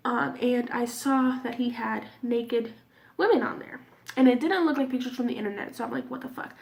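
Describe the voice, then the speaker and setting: Candid gravelly-voiced young woman vlogger. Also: fairly high pitch, normal speed. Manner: candid, swears freely, drops to near-whispers. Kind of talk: casual storytime.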